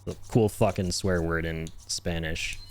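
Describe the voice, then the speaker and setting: With a deep voice, fairly even intonation and a slightly slow delivery, a man chats casually while streaming a game. He jokes, adds mock-serious ironic asides, and rambles, restarting sentences. A little hiss or hum is audible.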